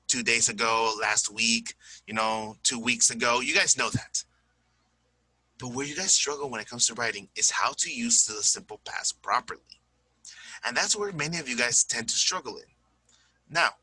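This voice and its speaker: A man's voice: mid-range voice, bright, forceful tone, slightly rough, dry recording, rough recording. A tired man teaching an English lesson, chatty and repeating examples aloud. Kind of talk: recorded classroom lesson.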